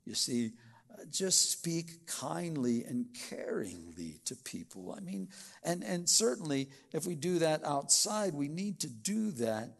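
Gravelly-voiced man preaching a folksy sermon. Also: fairly high pitch, very animated. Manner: folksy, acts out little scenes in quick voices. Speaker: pastor.

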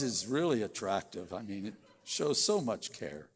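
A man preaching a sermon in church, folksy, acting out little everyday scenes in quick voices. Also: fairly low pitch, big pitch swings, slightly rough. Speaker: pastor.

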